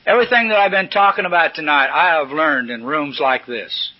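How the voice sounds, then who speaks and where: A man's voice: fairly high pitch, a little fast. An older man speaking at a recovery meeting, telling stories in a folksy, salty, humorous way from a podium. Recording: dull lo-fi old recording.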